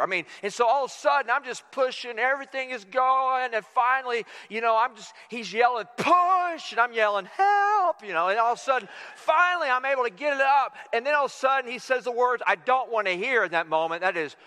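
A man in his forties preaching a sermon, telling stories with lively acted-out quotes. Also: big-room sound. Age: 40s. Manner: animated storytelling, acting out quotes with big pitch swings. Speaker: pastor. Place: church sanctuary.

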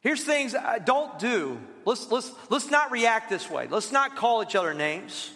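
A man preaching a sermon as pastor, telling lively stories and calling on the congregation to read along. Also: very high-pitched, unhurried. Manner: lively storytelling with asides to the congregation. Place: church. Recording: reverberant church hall.

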